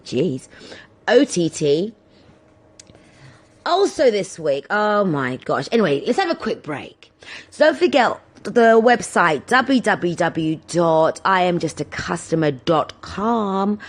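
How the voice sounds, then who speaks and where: A woman hosting her own podcast, rambling chattily and excitably through stories and swearing freely. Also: lowish voice. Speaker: podcast host. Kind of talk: casual solo podcast chat.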